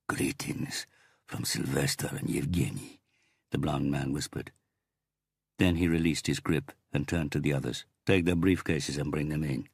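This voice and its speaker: Audiobook narrator, man: very deep, gravelly, husky, dry close read. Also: no echo.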